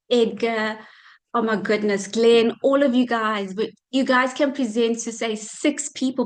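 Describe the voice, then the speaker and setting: A woman's voice: on the high side, low-quality recording. A woman speaking on a video call as a custodian of an online gifting community, giving a heartfelt thank-you address and repeating her thanks over and over.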